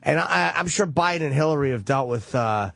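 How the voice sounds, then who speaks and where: Man, radio co-host, higher voice, dry studio sound, blunt and profane banter. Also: expressive, brisk, vocal fry, a bit bright, no room sound. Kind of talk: casual talk radio banter. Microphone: studio microphone.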